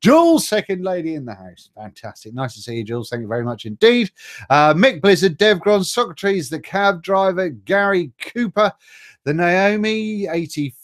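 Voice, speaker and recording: A man's voice: high-pitched, big pitch swings, moderate pace. Chatty man greeting live viewers. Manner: chatty and jokey, stumbles over names. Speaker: live stream host. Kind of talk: casual live stream chat, reading viewer greetings.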